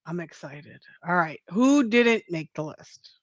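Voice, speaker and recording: A cheerful woman co-hosts a relaxed chat at an unhurried pace, filling gaps with quick agreements and laughs. Her sound is dry and slightly dull, like a modest home setup. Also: on the low side, dry recording. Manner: giggly, upbeat, many small affirmations. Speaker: podcast co-host. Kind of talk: casual panel chat.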